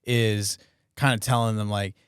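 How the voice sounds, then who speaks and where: Young male comedian guest, low smooth voice, hesitant, dry close mic. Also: fairly even intonation, a little slow, no room sound. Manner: thoughtful, hesitant, with many ums. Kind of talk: casual chat.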